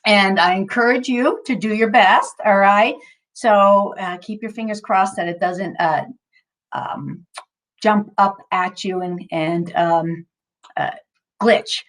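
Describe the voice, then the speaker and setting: A woman's voice: mid-range voice, slow, fairly bright tone. A woman leading a mindfulness session in a casual, upbeat, chatty way, with lots of fillers and restarts, at times out of breath. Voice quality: chatty, upbeat, self-interrupting with many fillers. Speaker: mindfulness instructor.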